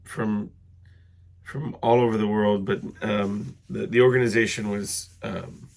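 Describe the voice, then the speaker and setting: A middle-aged man hosting a casual solo podcast while sick and congested, rambling with many fillers and clearing his throat. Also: on the low side, little pitch movement, unhurried, a little mellow. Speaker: podcast host.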